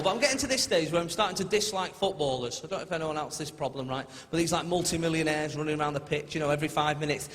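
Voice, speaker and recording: A man's voice: fairly high pitch, heavy background noise. A man from Manchester with a Manchester accent, performing a chatty stand-up set and bantering with the audience. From Manchester, England. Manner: chatty, quick asides to the crowd. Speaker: stand-up comedian. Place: large theatre stage with a laughing audience. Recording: echoey theatre, loud crowd laughter.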